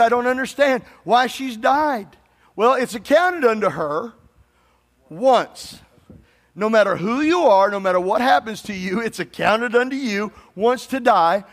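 High-voiced pastor preaching in a reverberant church. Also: male voice, fairly bright tone. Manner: call-and-response preaching, prompts congregation to say amen. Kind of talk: sermon. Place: church sanctuary. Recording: long hall reverb.

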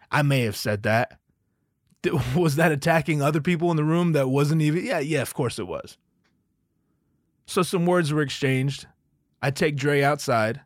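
A man's voice: on the high side, normal speed, long pauses, no echo, clean studio sound. A man hosting a podcast who tells a casual, profane story, laughing as he goes. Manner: animated, profane, laughs while telling stories. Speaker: podcast host.

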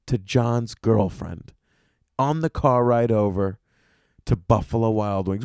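Male comic podcast host, mid-pitched, swears freely, animated rant, very dry close mic. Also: a little slow, vocal fry, clean tone, no echo. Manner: profane, animated ranting.

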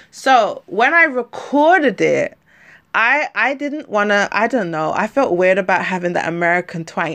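Hosting a solo podcast, a woman from London speaks in a lowish, slightly bright voice. Her London accent comes with a slight lisp, and her chatty rambling is peppered with fillers and self-corrections.

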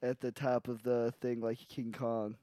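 A man's voice: mid-range voice, level tone, unhurried, mellow, dry recording. A man co-hosting a podcast, chatting casually with crude jokes and rambling restarts. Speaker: podcast co-host. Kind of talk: casual chat. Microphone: studio podcast mic.

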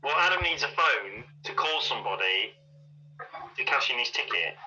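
A joking man banters through a casual tabletop game. His voice is very bright, with a mid pitch. The recording is muffled and carries a faint hiss behind him. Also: expressive, moderate pace. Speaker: player. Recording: muffled, faint background noise.

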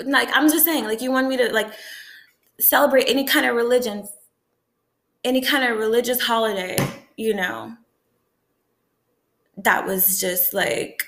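A young woman from the American South talking in a profane, rambling, animated way in a casual vlog rant. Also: fairly high pitch, roomy sound. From Southern United States. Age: young adult.

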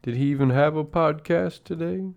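A man's voice: on the high side, normal speed, vocal fry, darkish tone, highs cut off. A man hosting a casual podcast chat, rambling in a laid-back way and swearing constantly over his coffee. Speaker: podcast host. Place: at home drinking coffee.

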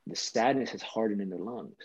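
A man's voice: lowish voice, fairly quick, breathy edge, no echo, lo-fi sound. A man speaking as a podcast guest, earnest and spiritual in his talk, now and then swearing. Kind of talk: casual conversation.

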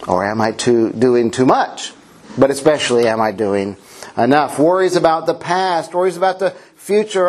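A middle-aged pastor gives a humorous sermon in a church, his voice sitting a touch high for a man. He is playful and now and then acts out a child's shouts.

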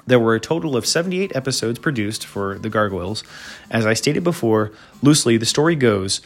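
A man hosting a casual monologue, rambling with many fillers and side remarks. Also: medium pitch. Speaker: host.

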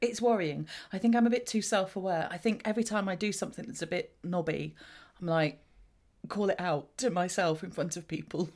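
A woman's voice: fairly low pitch, fairly quick, a little mellow. A woman from southern England co-hosting a podcast, chatting casually with playful, self-mocking banter. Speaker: podcast co-host. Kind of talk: casual comedic chat.

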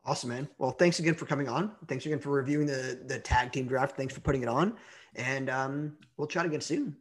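A man's voice: mid-range voice, brisk. A man hosting a podcast, joking, swearing and repeating his words in casual chat. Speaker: podcast host.

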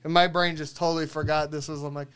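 A man's voice: a little high, little pitch movement, fast talker, fairly bright tone, smooth. A man co-hosting a podcast in casual chat, talking bluntly and swearing freely. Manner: blunt and profane. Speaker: podcast co-host.

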